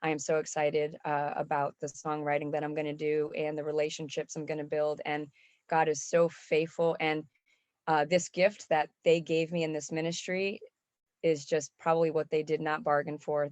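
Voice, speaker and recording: A middle-aged woman speaks a heartfelt, tearful testimony of faith. Her voice sits low and stays even in pitch. The sound is dry and close. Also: moderate pace, no room sound. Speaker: songwriting program member giving a testimonial. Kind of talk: emotional spoken testimonial.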